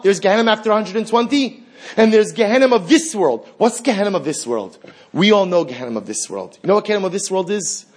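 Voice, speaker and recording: A man with a high-pitched, breathy voice teaching a Torah class. He asks his listeners rhetorical questions and repeats phrases for emphasis. He weaves Hebrew and Aramaic terms into his English.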